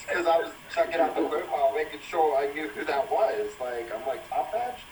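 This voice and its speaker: A man's voice: fairly high pitch, normal speed, darkish tone. A man guest on a live stream after-show, telling a laid-back story in casual chat. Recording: echoey, distant mic, faint noise.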